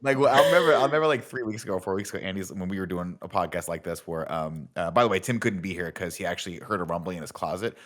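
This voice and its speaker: A man's voice: low-pitched, fast, hardly any pauses. A man co-hosting a podcast in casual chat, rambling and swearing, laughing often. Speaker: podcast co-host.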